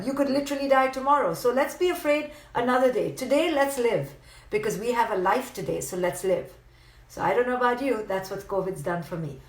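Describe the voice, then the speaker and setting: A woman psychologist delivering an impassioned, emphatic motivational monologue on a livestream, repeating phrases for effect and acting out the voices of people she describes. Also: medium pitch. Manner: emphatic, repetitive, acts out quoted voices. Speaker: psychologist giving a live motivational talk. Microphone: phone or webcam livestream. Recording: echoey room.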